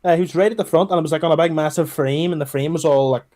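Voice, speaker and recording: A high-pitched, animated young man races through casual chat as a podcast co-host, telling stories and acting out quotes.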